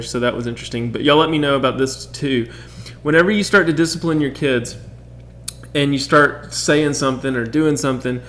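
A man's voice: a little high, fairly bright tone, echoey room. A man co-hosting a casual talk about parenting with his wife, rambling with many restarts and quoted asides. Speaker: podcast co-host. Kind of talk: casual chat.

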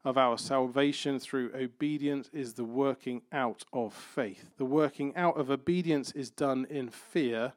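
Man, conversational sermon, light playful asides, mid-pitched, dry close sound. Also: measured pace, few pauses, no echo. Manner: conversational preaching with playful everyday examples. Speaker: pastor.

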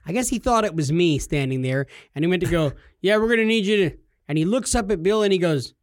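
This man speaks on the higher side and at a brisk pace, recorded cleanly in a studio with no echo. As a podcast co-host, he tells stories in relaxed conversation, acting out the people he quotes with animated energy.

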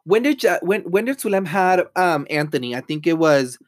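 A man's voice: a little high, lively intonation, normal speed, a crowd in the background. A young man hosting a casual podcast, rambling with many fillers and dropping in Spanish phrases. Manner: rambling, lots of "like", mixes in Spanish. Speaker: podcast host. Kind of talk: casual chat.

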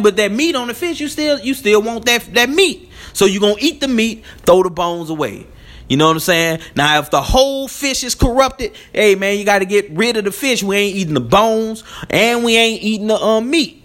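A man's voice: high-pitched, fairly bright tone. A man hosting his own commentary channel, talking loosely and conversationally. He laughs often and keeps saying "you know what I'm saying". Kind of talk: casual spoken commentary.

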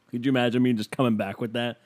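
A man's voice: medium pitch, darkish tone, no echo. Profane, riffing man on a podcast. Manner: profane, riffing, self-amused, voice jumping up when worked up. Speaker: podcast host. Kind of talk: casual solo podcast rant.

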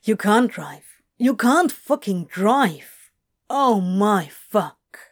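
A woman's voice: mid-range voice, lively intonation, very slow. Woman playing Crowley, a cursing frazzled demon. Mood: frantic. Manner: loud, exasperated, cursing. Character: irritable swearing male demon, frantic.

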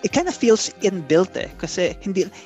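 Casting: Filipino man, slightly high voice, rapid and musing, faint music behind. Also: sing-song, darkish tone. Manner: fast, musing, thinks aloud with theories. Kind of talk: casual group chat mixing English and Tagalog.

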